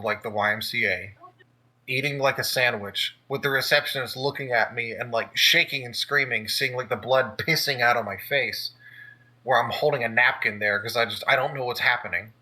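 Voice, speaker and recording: Guy telling wild childhood stories, super bright husky voice, swears a lot. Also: medium pitch, poor audio. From Texas. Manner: animated, acting out quotes, swearing. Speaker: podcast co-host. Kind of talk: casual storytelling.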